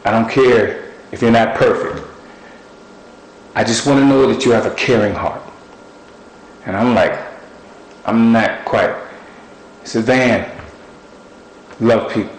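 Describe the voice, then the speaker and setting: A man preaching a sermon, telling personal stories in a lively, folksy way and sometimes quoting what God said to him. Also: on the low side, takes it slowly, pauses often, reverberant, low-quality recording. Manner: animated storytelling, folksy speech.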